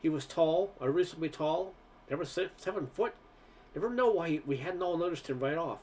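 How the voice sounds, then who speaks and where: A man's voice: on the high side, expressive, fairly quick, a little mellow, a little hiss or hum. A man reading a first-person story aloud in a conversational way, with occasional stumbles. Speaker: narrator.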